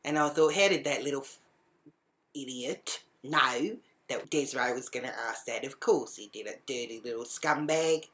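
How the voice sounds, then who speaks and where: A woman telling a crude personal story in casual monologue, swearing freely and shouting out the lines she quotes. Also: rumbling low, normal speed.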